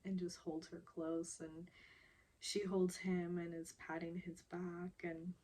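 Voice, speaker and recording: A young woman talks through a TV recap in a relaxed, unhurried way, her voice sitting a little low. She speaks softly and hesitantly, with plenty of fillers and small laughs. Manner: slow, soft and hesitant, with fillers and quiet laughs. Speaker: recap vlogger. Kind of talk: casual TV recap.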